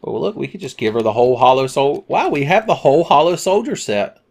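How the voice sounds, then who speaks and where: Sarcastic man, let's play commentary, swears a lot, rambling jokes, middle pitch. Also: expressive, fairly quick, vocal fry, a little mellow. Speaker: game commentator.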